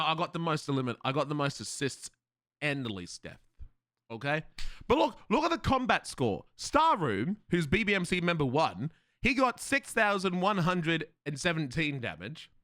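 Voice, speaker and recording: An Australian man chatting casually with his viewers on a live stream, loud and excitable, swearing freely. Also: fairly high pitch, no room sound, studio quality.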